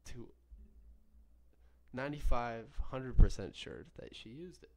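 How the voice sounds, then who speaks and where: A man's voice: mid-range voice, lively intonation, a little slow. A young man hosting a solo podcast, telling a story in a rambling, profane way with many self-corrections. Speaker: podcast host.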